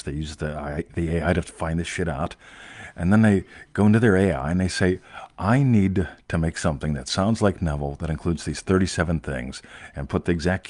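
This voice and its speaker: A man's voice: low voice, darkish tone, breathy edge, no echo. A man hosting a casual chat, rambling and emphatic, often tagging "right?" and swearing offhandedly. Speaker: host.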